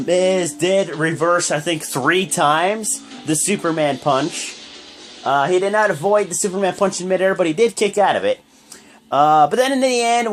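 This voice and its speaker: A vlogger giving a loose, chatty recap of a wrestling show, full of fillers and restarts. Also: medium pitch. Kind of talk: casual spoken recap.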